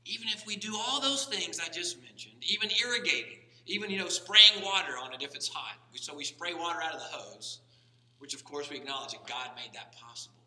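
A man's voice: fairly high pitch, expressive, fairly quick, pushed and bright. A man preaching a sermon as pastor, talking conversationally with frequent restarts and rising to emphatic stress. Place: church sanctuary. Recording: echoey church hall from far off.

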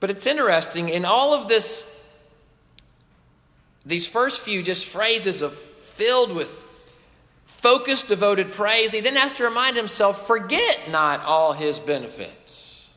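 A man with a notably high voice preaches an expository sermon, swelling on emphatic phrases and then dropping low. His words ring out with a long reverb, as in a large church hall. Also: lively intonation, slow, sharp tone. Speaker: pastor.

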